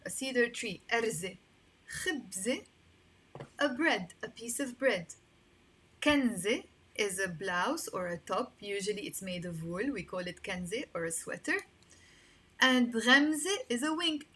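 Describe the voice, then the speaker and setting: A woman with a Lebanese accent teaching Arabic vocabulary, modeling words slowly and repeating them, then explaining them in English, recorded without a microphone. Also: mid-range voice, pushed and bright, breathy edge. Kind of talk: language lesson. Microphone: no microphone, built-in mic.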